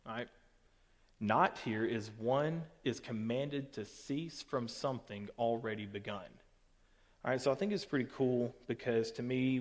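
Man teaching Scripture in a reverberant hall. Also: medium pitch. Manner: conversational, peppered with "okay" and "all right". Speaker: pastor. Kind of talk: recorded Bible teaching to camera.

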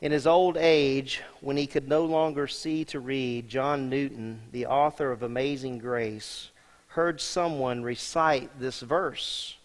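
A man preaching a sermon as senior pastor, emphatic and talking straight to the congregation, dropping from loud to hushed. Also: medium pitch, fairly even intonation, slow pace. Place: church sanctuary. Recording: long reverb of a large hall.

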